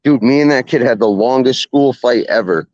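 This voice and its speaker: A young man telling a story in a casual, rambling way, swearing constantly and laughing along. His voice sits at an ordinary pitch, recorded dry and close with a dull, lo-fi sound. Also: normal speed, a little mellow, no room sound. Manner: profane, rambling, laughs often. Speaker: podcast host.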